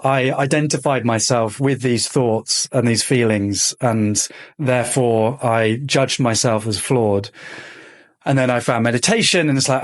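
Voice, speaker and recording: A man's voice: mid-range voice, a little slow. A man hosting a podcast, sharing personal experience in an earnest, thoughtful way. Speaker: podcast host.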